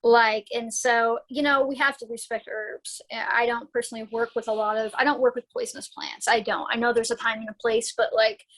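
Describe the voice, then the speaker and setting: A chatty woman guest who talks about herbs in a fairly high voice, rambling and restarting her sentences. She is recovering from a concussion and laughs often as she goes. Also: level tone, fairly quick, hardly any pauses, fairly bright tone, rough recording. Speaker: guest herbalist. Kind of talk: casual podcast interview.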